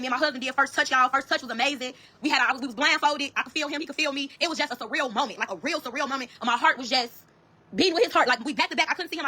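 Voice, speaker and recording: High-pitched woman ranting fast on a phone live, cussing, talking straight to y'all. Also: sharp tone. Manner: profane, emphatic, keeps addressing viewers as y'all. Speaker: bride telling her wedding story. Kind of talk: storytelling on a livestream. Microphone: phone camera on a livestream.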